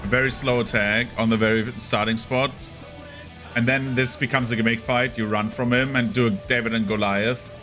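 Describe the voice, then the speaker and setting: A man's voice: mid-range voice, fairly even intonation, normal speed, pushed and bright, faint music behind. A young man casually commenting on his gameplay, rambling and chatty with lots of fillers. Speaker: gaming streamer.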